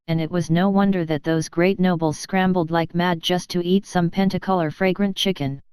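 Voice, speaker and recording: A woman narrating a story in a steady, even reading style. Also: fairly low pitch, clean tone, no room sound. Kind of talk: scripted narration.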